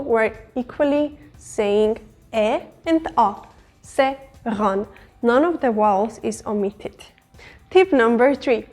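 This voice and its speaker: A woman who teaches her language, explaining pronunciation tips patiently and slowing down to model words. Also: on the high side, darkish tone.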